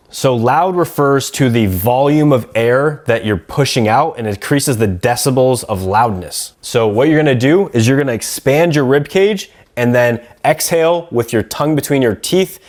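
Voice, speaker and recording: Dating coach, male, mid-pitched, calm and steady teaching delivery. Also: moderate pace. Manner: calm, steady, demonstrates vocal exercises. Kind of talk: instructional talk.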